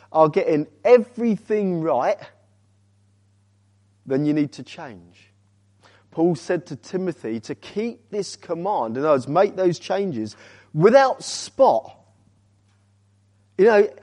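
A man preaching a sermon as a visiting speaker, urging the congregation with rhetorical questions and swinging from loud emphasis to quiet, weighty words. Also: high-pitched, animated, takes it slowly, long pauses.

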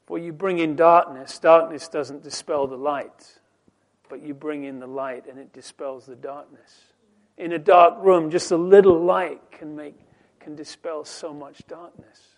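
A man preaching a sermon, quoting scripture slowly and deliberately, swinging between soft, dropped phrases and loud, emphatic rising lines. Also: fairly high pitch, fairly even intonation. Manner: slow, deliberate delivery with scripture quotes.

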